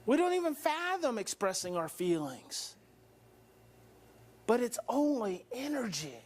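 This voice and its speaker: A man giving an animated workshop lecture to an audience. He acts out scenes and fires off rhetorical questions. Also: very high voice, measured pace, a little hiss or hum. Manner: dramatic, acts out parents and brains, rhetorical questions. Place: workshop hall before an audience.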